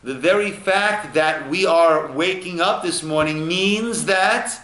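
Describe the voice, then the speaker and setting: A man teaching as a rabbi in an informal class, speaking slowly with a fairly high voice. He acts out small scenes as he goes. The room gives his voice a roomy echo. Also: sharp tone. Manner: unhurried, acts out little dialogues. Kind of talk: informal text study lesson. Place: echoey room at a lunch study group.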